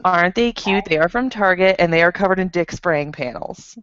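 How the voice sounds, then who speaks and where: A woman's voice: fairly low pitch, a little fast, fairly bright tone. A woman chatting playfully on a video call from her laptop, joking at her own expense. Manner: playful, self-deprecating. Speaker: panelist. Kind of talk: casual chat. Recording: dull lo-fi online call.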